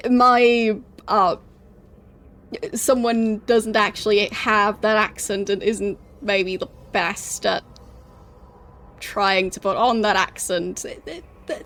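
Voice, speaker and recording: A young woman streaming a game, chatting casually in English, which is not her first language, with frequent laughs and halting restarts. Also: medium pitch, fairly bright tone. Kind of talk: casual gameplay commentary.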